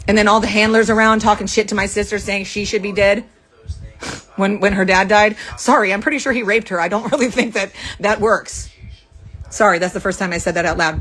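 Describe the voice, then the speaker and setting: A woman's voice: mid-range voice, a bit bright. Furious woman venting in a profane rant. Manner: furious, profane, rapid-fire accusations. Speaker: vlogger. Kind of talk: angry venting monologue to camera. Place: rented room.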